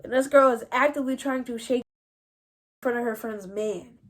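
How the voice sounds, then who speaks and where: A woman's voice: fairly high pitch, moderate pace. Slangy young New woman telling a story. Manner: slangy, animated, addresses viewers as y'all. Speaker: vlogger. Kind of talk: casual storytelling to viewers.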